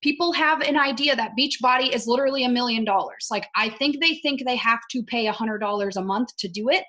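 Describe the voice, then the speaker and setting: A woman with a somewhat high voice talks her fitness team through a casual video call. She is chatty and loose, often says "like" and keeps checking in with "right?". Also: fairly quick, sharp tone. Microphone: video call mic.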